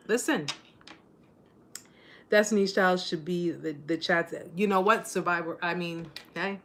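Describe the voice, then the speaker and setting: A woman's voice: on the low side, unhurried, a bit bright. A woman in her forties hosting a casual live-stream chat, bubbly and joking, laughing often. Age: 40s.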